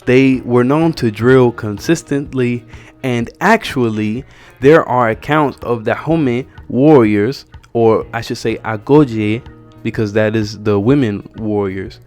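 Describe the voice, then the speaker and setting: A man talks through a film review in a casual, opinionated way. His voice sits at an ordinary middle pitch, and his delivery is blunt and sarcastic. Soft music plays quietly in the background. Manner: blunt, sarcastic, exasperated critique.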